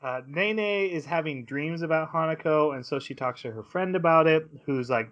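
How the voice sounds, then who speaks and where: A man's voice: a little high, moderate pace, fairly bright tone, lo-fi sound. A man co-hosting a podcast, recapping episodes in casual chat and acting out characters' lines as he goes. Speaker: podcast co-host.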